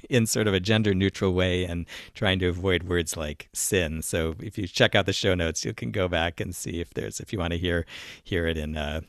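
A man's voice: deep voice, no echo, studio quality. A man co-hosting a podcast, talking in a thoughtful, rambling way with many restarts and fillers. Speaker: podcast co-host. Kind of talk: casual podcast discussion.

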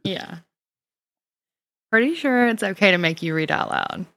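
A woman from Mississippi with a Southern accent co-hosts a casual chat podcast, telling stories in a chatty, self-deprecating way. Her mid-range voice is animated and a bit bright, with a measured pace and no echo.

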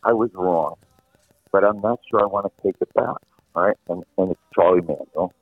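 A middle-aged man with a very low, husky voice tells stories in an animated, casual way, often restarting his sentences. He comes through a thin, phone-like line. The sound is dry, with no room around him. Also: moderate pace, dry recording, soft background music. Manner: animated anecdotal, frequent restarts. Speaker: veteran sports radio host, guest. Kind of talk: casual storytelling chat.

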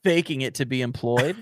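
A man's voice: fairly high pitch, fairly bright tone. A man hosting a casual podcast interview, joking and teasing, often restarting his sentences. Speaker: podcast host.

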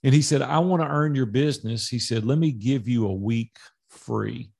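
A man who is a business coach, a podcast guest telling animated stories and acting out past conversations in dialogue. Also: mid-range voice, moderate pace, gravelly, slightly rough. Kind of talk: storytelling in a podcast interview.

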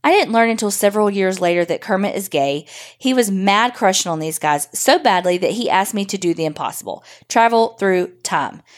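A woman's voice: mid-range voice, expressive, a little fast. A woman podcast host reading a listener's story aloud in a wry, profane, conversational way.

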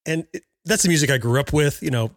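A man co-hosting a podcast, talking in an animated, opinionated way and laughing often. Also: on the high side, fast talker, no room sound, studio quality. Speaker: podcast co-host. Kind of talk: casual chat.

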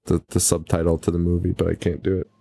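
Low, dark-voiced man rambling casually. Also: monotone, fast talker, vocal fry. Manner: rambling, laughs often, swears freely. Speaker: podcast co-host. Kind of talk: casual profane movie-recap banter.

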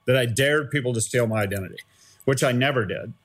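A middle-aged man, a former startup CEO, tells a story in an animated, conversational interview and keeps checking in with "right?". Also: mid-range voice, fast, slightly rough.

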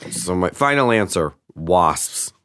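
A man's voice: deep voice, lively intonation, slow, a bit bright, clean tone, dry recording, studio quality. A man chatting casually as a podcast guest, telling rambling stories full of "like". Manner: rambling storyteller, heavy use of "like". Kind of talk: casual chat.

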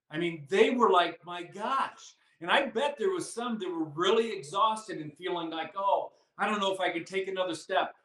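A man who guides canyon hikes, telling stories in an animated, chatty way and acting out what people said. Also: sits high, reverberant, rough recording. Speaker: canyon hiking guide, record witness. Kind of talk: casual interview storytelling.

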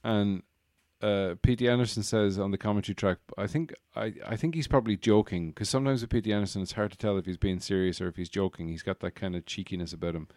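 A man's voice: fairly low pitch, fast, few pauses, a little mellow, no room sound, clean studio sound. A man co-hosting a podcast, chatting casually about a film, laughing easily and swearing now and then. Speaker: podcast co-host.

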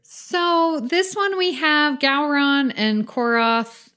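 A woman's voice: sits high, slow, a bit bright. A woman co-hosting a podcast in casual chat, friendly and giggly. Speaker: podcast co-host.

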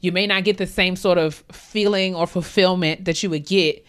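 A woman's voice: lowish voice, fairly even intonation, normal speed, smooth. A young adult woman co-hosting a podcast, talking candidly and a bit rambling, with casual slang and easy laughs. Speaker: podcast co-host.

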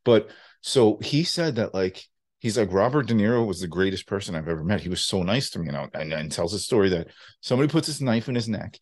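A man's voice: lowish voice, fast. Young podcast guy telling stories, swears a lot, voice all over the place. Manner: animated storyteller, swearing casually. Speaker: podcast co-host. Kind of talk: casual chat.

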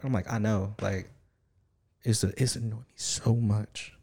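A young man in casual chat, telling stories in an animated, slangy way with lots of "like". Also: medium pitch, moderate pace.

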